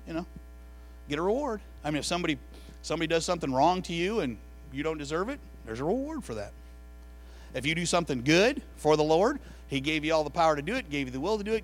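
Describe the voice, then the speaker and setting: A man preaching a sermon to a room of listeners, telling stories in an animated way that builds to loud, excited peaks. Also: fairly high pitch, low-quality recording. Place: room with an audience.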